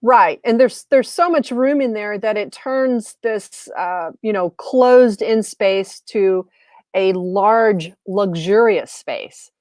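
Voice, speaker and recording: A woman guest who practises sound healing, talking casually in a relaxed, gently affirming way. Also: mid-range voice, slow pace, no room sound, clean studio sound. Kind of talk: casual conversation.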